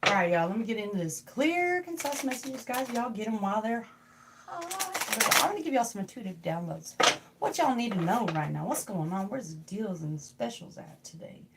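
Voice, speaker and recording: A woman's voice: medium pitch, sing-song, a little fast, creaky, very noisy. A young woman reading tarot on a casual livestream from home. She rambles and jokes while talking to her viewers. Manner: rambling, joking, talks to chat. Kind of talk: casual live tarot stream.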